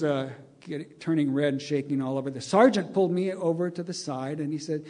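A man's voice: on the high side, a little fast, few pauses, mellow. An older man telling a long, wry anecdote to an audience, chuckling as he acts out the dialogue. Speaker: storyteller.

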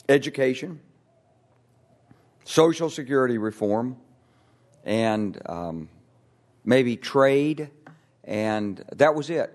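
Older man, retired officer, public talk, lively storyteller, mid-pitched voice. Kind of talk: anecdotal public talk on stage. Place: stage before an audience.

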